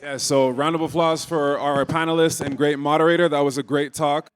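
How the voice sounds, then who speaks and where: A man's voice: fairly high pitch, level tone, fairly quick, a little hiss or hum. Upbeat man emceeing an event. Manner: upbeat announcing. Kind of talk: event announcements. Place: conference hall.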